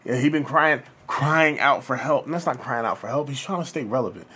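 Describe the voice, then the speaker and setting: A man's voice: mid-range voice, brisk, bright, forceful tone, breathy edge. A man co-hosting a podcast, ranting heatedly in casual chat with heavy cursing. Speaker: podcast co-host.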